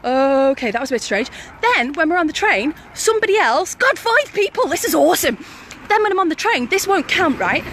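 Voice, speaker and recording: Young woman vlogger, high voice, chatty, giggly storyteller, faint noise behind. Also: fairly bright tone. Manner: chatty, laughs often while telling stories. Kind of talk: casual live-stream storytelling.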